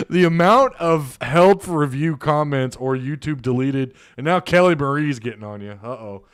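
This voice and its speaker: A man's voice: a little high, expressive, unhurried, smooth, dry recording, clean studio sound. Laid-back man hosting a sports live stream. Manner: laughing, joking, thinking aloud. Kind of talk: casual live stream chat reading comments.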